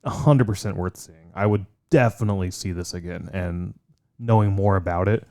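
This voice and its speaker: A man's voice: low-pitched, normal speed, mellow. A man co-hosting a podcast in casual chat, enthusiastic and swearing freely. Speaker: podcast co-host.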